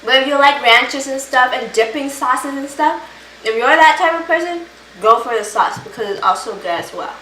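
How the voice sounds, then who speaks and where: A woman's voice: sits high, normal speed, pushed and bright, echoey room, recorded from a distance, a little hiss or hum, rough recording. A woman chatting casually in a home cooking vlog, enthusiastic as she cooks and tastes her food. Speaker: home cook vlogger. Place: home kitchen.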